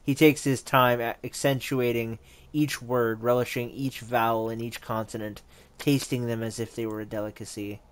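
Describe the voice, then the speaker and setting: A man's voice: mid-range voice, flat delivery, normal speed, clean tone. A man narrating as game master, with casual, self-deprecating asides.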